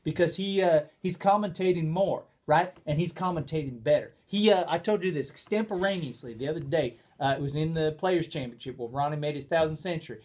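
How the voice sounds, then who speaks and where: A man co-hosting a loose, casual chat, with a voice that sits a little high. He talks in an animated, rambling way, piling on asides. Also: fairly quick, hardly any pauses. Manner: animated, rambling, lapses into put-on quotes. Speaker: co-host.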